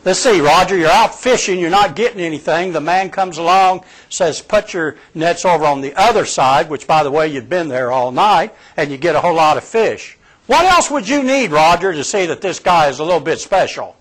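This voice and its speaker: Male preacher, lively and chatty, voice sitting a little high. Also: fairly quick. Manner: conversational, animated, addresses the congregation directly. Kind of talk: sermon.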